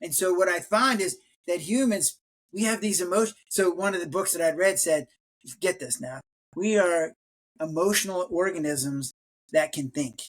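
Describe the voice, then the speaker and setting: An older man speaks as a retired physician, guesting on a podcast in a relaxed, chatty way. He tells stories and acts out the quoted lines, jumping up in pitch and volume for them. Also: normal speed. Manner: animated storyteller, acts out quotes in raised voice. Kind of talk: casual interview talk.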